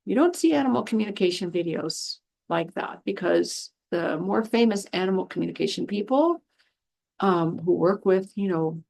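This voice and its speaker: A woman with a lowish, expressive, slightly mellow voice and some creak speaks at a moderate pace. She's an animal communicator and spiritual healer telling stories in a frank, casual monologue, acting out quotes in altered voices and tossing in exasperated asides.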